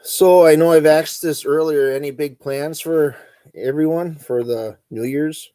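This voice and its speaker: A middle-aged man with an Upper Midwest accent, hosting a relaxed, rambling chat and chuckling as he goes. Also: on the high side, unhurried, no room sound. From northern Wisconsin. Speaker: host. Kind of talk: casual chat reading live comments.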